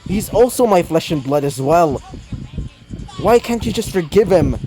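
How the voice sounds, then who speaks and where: A man doing a pleading young man, pitched high. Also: lively intonation, measured pace, mellow. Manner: pleading, raised voice.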